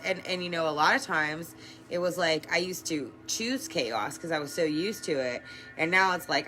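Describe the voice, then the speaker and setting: Bright-voiced woman giving casual life advice. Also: on the low side. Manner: earnest and chatty, swears casually, laughs often. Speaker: energy worker and life coach. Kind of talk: casual motivational talk to camera.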